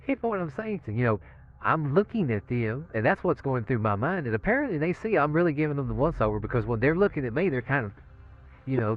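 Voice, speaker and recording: Rambling inmate, man, mid-pitch voice, muffled phone-like audio, chuckles through his stories. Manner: rambling, laughing, repeats 'you know what I'm saying'. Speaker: death row inmate. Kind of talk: recorded interview, storytelling.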